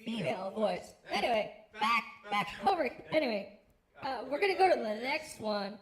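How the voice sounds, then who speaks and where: A man talking through a pitch-raising "female" voice-changer preset, rambling and mocking himself. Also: sing-song, normal speed, a bit bright, heavily acted. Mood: amused.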